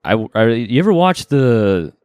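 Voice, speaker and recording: A man's voice: medium pitch, sing-song, measured pace, darkish tone, smooth, no room sound, clean studio sound. A male comedian in a casual podcast chat who rambles with lots of fillers and laughs easily.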